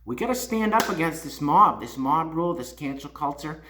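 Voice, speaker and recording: A man's voice: on the high side, animated, normal speed, noisy background. A man hosting his own channel, scolding and repeating himself in a heated opinion rant. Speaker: YouTube channel host. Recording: echoey room.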